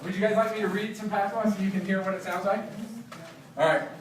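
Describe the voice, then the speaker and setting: A man, an author, telling stories and reading his book aloud to a library discussion group in an animated, laughing manner. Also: sits high, fast talker, crowd noise. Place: library meeting room. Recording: roomy, distant, faint background.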